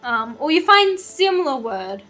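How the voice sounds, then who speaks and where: Bright, giggly Australian woman streamer. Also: sits high, big pitch swings, measured pace, faint music behind. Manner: giggly, chatty. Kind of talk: casual gaming stream chat.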